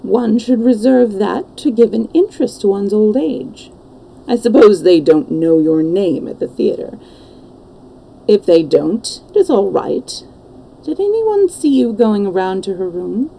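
A woman's voice: mid-range voice, lively intonation, a little slow, creaky, dark tone, a little hiss or hum, low-quality recording. A woman reading the part of a worldly, cynical English lord in a storybook, languid and matter-of-fact. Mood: grave.

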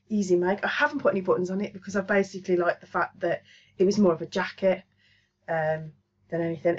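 A woman from the Black Country talks to camera in a loose, rambling way, full of ums and side remarks. Her voice sits a little low. The sound is slightly muffled and lo-fi, like a small home studio setup. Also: a little mellow, husky. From Black Country, England. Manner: rambling, chatty, lots of ums. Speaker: crochet and craft channel host. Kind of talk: casual chat to camera.

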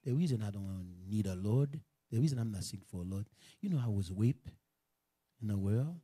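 A man voicing a gossiping woman in the congregation, speaking in a soft, low, confiding murmur. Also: animated, a little slow, husky, dry recording, clean studio sound.

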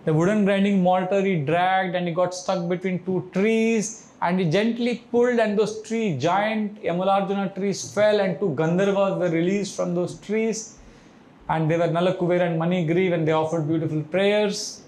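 Animated man lecturing, high voice. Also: echoey room. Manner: animated storytelling, acts out pleas for help, chants Sanskrit verses slowly. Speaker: spiritual teacher. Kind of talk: devotional lecture.

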